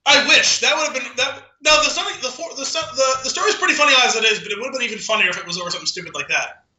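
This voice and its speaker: A high, sharply bright male voice rambles through a story with dry asides. He is chatting casually as a podcast co-host. The sound is roomy and echoey. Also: lively intonation, racing. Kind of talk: casual chat. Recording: roomy echo.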